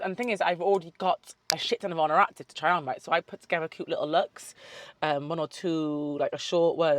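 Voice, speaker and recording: A woman's voice: fairly low pitch, no echo. Chatty young woman, dry close sound. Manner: chatty, swears freely, goes on tangents. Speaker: vlogger. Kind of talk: casual chat.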